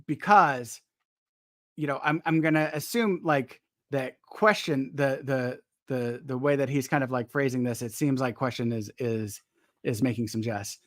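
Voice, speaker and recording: A man's voice: mid-range voice, fairly even intonation, measured pace, no echo, studio quality. A man hosting a casual live chat, polite and hesitant, restarting his sentences often. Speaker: host.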